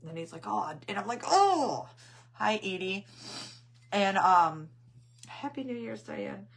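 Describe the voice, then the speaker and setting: A woman's voice: mid-range voice, unhurried, vocal fry, fairly bright tone. A middle-aged woman hosting a craft channel, chatting casually on a live stream and telling rambling family stories. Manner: greets viewers mid-story.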